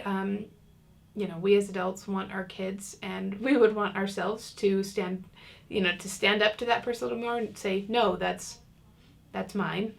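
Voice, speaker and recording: Leading a parenting class online, a woman keeps it conversational and casual, full of fillers as she plays out lines from both parents and children. She speaks with a medium-pitched, gravelly voice.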